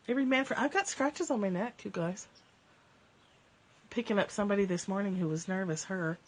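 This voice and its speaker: A woman's voice: lowish voice, moderate pace, long pauses. A woman hosting a casual livestream from home, reading spiritual passages and chatting, laughing often as her cats interrupt. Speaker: live-stream host. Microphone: phone or webcam livestream.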